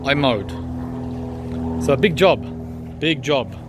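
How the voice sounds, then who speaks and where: A man's voice: medium pitch, animated, very slow, background noise. A man chatting casually as he walks through his backyard garden, rambling with frequent ums as he points things out. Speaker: gardening vlogger.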